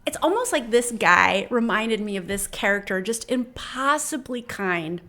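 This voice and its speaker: Woman in her forties, personal storytelling, chatty and enthusiastic, slightly high voice. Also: animated, a little slow, a bit bright. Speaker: vlogger.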